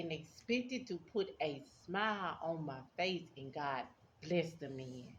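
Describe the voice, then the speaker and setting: A woman's voice: deep voice, expressive, slow pace, pauses often. Sassy woman telling a story. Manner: laughing often, sassy and blunt, addressing viewers as y'all. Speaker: vlogger. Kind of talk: casual storytime chat. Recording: dull lo-fi sound with faint background noise.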